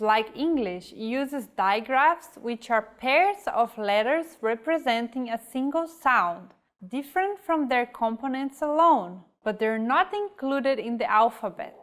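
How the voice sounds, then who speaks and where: Woman, language teacher, scripted lesson, slightly high pitch, unhurried, careful delivery of example words.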